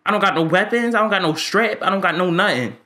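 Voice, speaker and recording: A man's voice: high voice, fast talker, bright, forceful tone. A man giving ranting, profane commentary on a game he is fed up with, stammering when frustrated. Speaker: gaming YouTuber.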